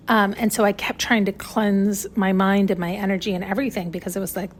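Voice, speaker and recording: A woman talks alone into the mic for her podcast, wandering from thought to thought with many fillers and restarts. She sounds choked up, as if she could cry at any moment. Her voice sits at an ordinary middle pitch. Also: flat delivery, a little fast, slight background noise. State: choked up, on the edge of tears. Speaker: podcast host. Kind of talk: casual spiritual monologue.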